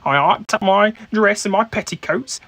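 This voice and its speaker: A man's voice: sits high, normal speed, gravelly, a bit bright, a little hiss or hum, voice pushed up. A man voicing a brash, coarse young working-class woman in a put-on Cockney accent, in a solo tabletop game. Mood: indignant.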